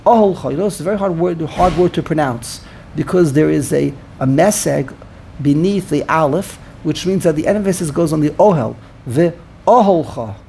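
A man's voice: fairly high pitch, normal speed, creaky, a little mellow, slight background noise. A man in a casual study discussion, explaining points and often repeating words as he thinks them through. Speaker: Torah study participant.

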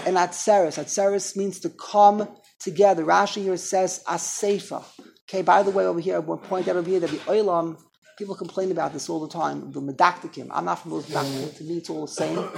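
A man's voice: sits high, vocal fry, a little hiss or hum. A man teaching an informal Torah class, chatty and digressive, making fun of himself. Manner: digressive, chatty, self-deprecating.

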